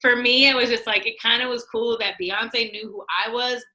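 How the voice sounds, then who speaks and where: A woman with a bright, crisp voice tells a story in an easy, chatty way. She slips into other people's voices as she quotes them and laughs now and then. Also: on the high side, moderate pace, low-quality recording. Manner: animated, acts out quotes, laughs often. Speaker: guest, former studio executive. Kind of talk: casual storytelling.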